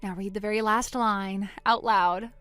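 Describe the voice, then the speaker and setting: A woman voicing a wronged older sister in a dramatized text-message story, speaking quietly and deliberately. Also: medium pitch, steady tone, clean tone, dry recording, soft background music, natural voice. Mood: cold.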